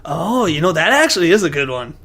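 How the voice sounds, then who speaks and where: High-voiced excitable young man. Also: fairly quick. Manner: excitable, says "dude" a lot, acts out shouted lines. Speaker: podcast co-host. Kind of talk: casual chat.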